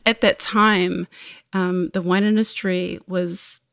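A woman with a New Zealand accent, a guest explaining her view in a thoughtful, measured way. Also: on the low side, little pitch movement, creaky, fairly bright tone, clear, resonant tone, no echo, studio quality. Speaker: guest, wine business co-founder. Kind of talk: reflective interview talk.

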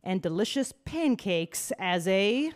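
A woman's voice: mid-range voice, expressive, slow pace, slight background noise. A woman hosting a quiz show before a live audience, playful and laughing at her own puns. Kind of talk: upbeat game show hosting.

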